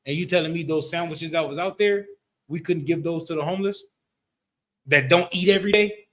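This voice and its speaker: Leading an informal religious class discussion, this man talks loosely and repetitively, frequently asking his listeners "you know what I'm talking about". His voice is fairly high and bright, and he speaks fairly quickly.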